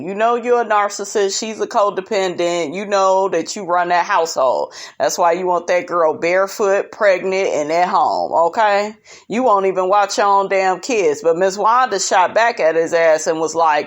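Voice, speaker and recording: Sassy woman recapping with lively pitch. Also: normal speed. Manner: sassy, animated, calls people honey and child. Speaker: reality show recap host. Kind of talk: casual recap commentary.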